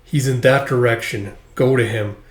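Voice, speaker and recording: A man voicing a calm, blank-faced young man who speaks in a flat, even way. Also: mid-range voice, moderate pace, roomy sound, lightly acted. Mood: ominous.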